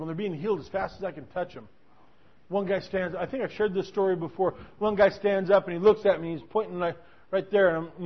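A man preaching, telling a story to his congregation in an animated way with frequent restarts. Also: high voice. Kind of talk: sermon storytelling. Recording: dull lo-fi recording.

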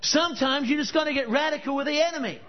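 A man's voice: extremely high pitch, fast. A male preacher giving a sermon at a church service, telling stories and pressing the crowd with emphatic questions. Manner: storytelling, emphatic rhetorical questions. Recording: dull lo-fi recording.

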